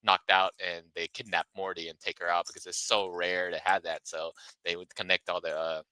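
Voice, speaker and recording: Brassy low-voiced man retelling a plot. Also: level tone, a little fast, pushed and bright, clear, resonant tone, dry recording, low-quality recording. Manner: rambling plot retelling, restarts and fillers. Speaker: podcast co-host. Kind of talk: casual review chat.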